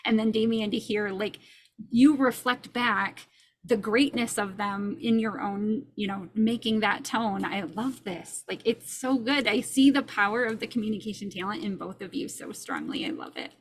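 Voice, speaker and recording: A woman's voice: medium pitch, fairly even intonation, normal speed, slight background noise. A woman hosting a casual podcast chat, enthusiastic and affirming toward her guests. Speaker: podcast host and coach.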